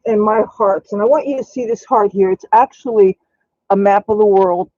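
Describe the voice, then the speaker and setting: A man's voice: high-pitched, normal speed, darkish tone, no room sound, muffled recording. A man hosting a casual live stream while baking in his home kitchen. He is chatty and coos baby talk at his cat.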